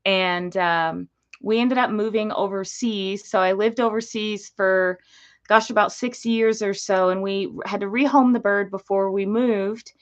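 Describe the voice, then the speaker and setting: Speaking a little slowly at a medium pitch with fairly even intonation, a gecko breeder hosts a casual livestream over dull audio. She's chatty and easily distracted while addressing viewers, and she uses baby talk with her parrot.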